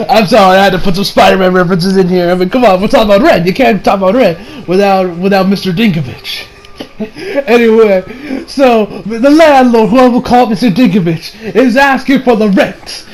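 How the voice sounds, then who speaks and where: High-voiced man rambling through a recap. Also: fairly quick, low-quality recording. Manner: rambling, with self-corrections. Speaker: anime reviewer. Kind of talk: casual episode recap.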